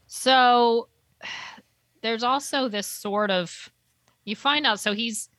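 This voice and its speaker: Bright-voiced woman rambling through a recap. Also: a little high, extremely slow, no echo. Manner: rambling, trails off searching for names. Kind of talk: casual chat recapping a TV episode.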